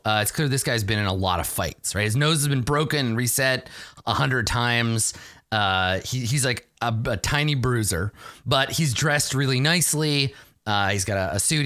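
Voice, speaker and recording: A man's voice: medium pitch, bright, forceful tone. A man narrating a tabletop game as game master, describing scenes in a casual, rambling way with many fillers.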